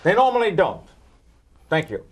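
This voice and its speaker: An older man from New York answers weather questions in a jokey back-and-forth. His pitch is fairly high for a man and moves around a lot. He keeps teasing his co-host. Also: normal speed, breathy edge. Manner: wisecracking, teasing, lively. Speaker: meteorologist. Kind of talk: joking Q&A banter.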